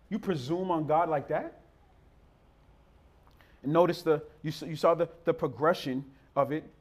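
A man preaching a sermon in a rhythmic, repetitive cadence, building to near-shouts. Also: fairly high pitch.

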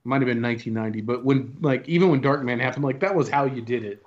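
A man's voice: medium pitch, fast talker, highs cut off. A man co-hosting a podcast, chatting loosely and reminiscing in a casual movie review. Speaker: podcast co-host.

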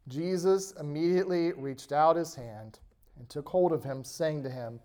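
A man preaching a sermon, reading scripture aloud and stressing key words before letting phrases trail off softly. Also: on the high side, lively intonation. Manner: slow, emphatic preaching with soft trailing endings. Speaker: pastor.

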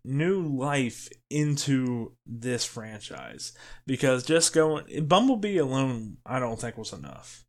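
A man's voice: medium pitch, very animated, slow pace. A man co-hosting a casual movie podcast, blunt and opinionated. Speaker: podcast co-host. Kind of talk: casual chat.

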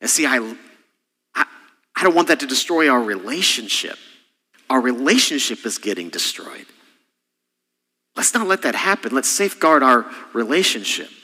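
A middle-aged man preaching a sermon as senior pastor, impassioned, with sudden soft drops. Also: mid-range voice, in a large hall.

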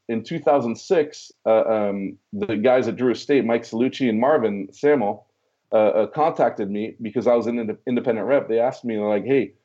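A man's voice: mid-range voice, breathy edge, dull audio. A man in a casual interview, telling a long story from his past, stumbling over repeated words and acting out the dialogue. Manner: animated storyteller, many restarts and repeated words, acts out quoted dialogue.

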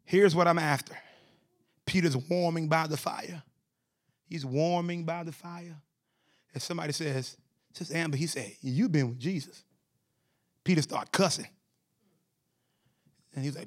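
A man preaching a sermon, shouting in a rhythmic call-and-response style and repeating phrases to the congregation. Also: on the high side, normal speed, long pauses, no room sound, clean studio sound.

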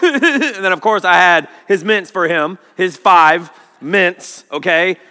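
Brief: man in his 30s, pastor delivering a lively sermon, bright forceful tone, reverb. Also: sits high, takes it slowly, hardly any pauses, clear, resonant tone. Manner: animated storytelling with acted-out quotes. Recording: long hall reverb.

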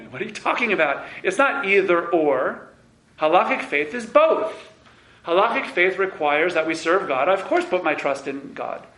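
A man voicing an ancient king who calmly justifies his faith and his war plans, in a roomy classroom. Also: sits high, normal speed. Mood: defensive.

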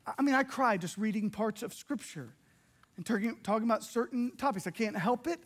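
A middle-aged man preaching a sermon as pastor, animated and emotional, acting out little dialogues. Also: sits high, brisk.

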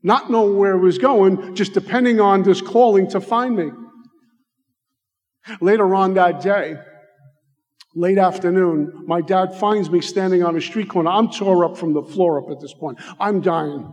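A middle-aged American man tells his recovery story in a heartfelt way, drawing out key words. His voice sits high for a man. It rings with the long reverb of a large hall. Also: dull audio. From United States. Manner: heartfelt, slows down for emphasis. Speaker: recovery speaker. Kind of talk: personal testimony talk.

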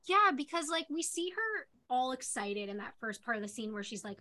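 A woman's voice: fairly high pitch, expressive, moderate pace, hardly any pauses, bright, forceful tone. A woman co-hosting a podcast, talking through a character's feelings in casual chat with many fillers. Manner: thoughtful, filler-heavy analysis. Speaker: podcast co-host. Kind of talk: casual discussion.

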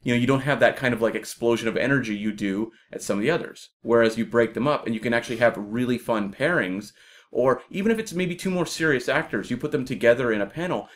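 A man co-hosting a casual discussion, talking in a measured, explanatory way. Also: medium pitch. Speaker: podcast co-host.

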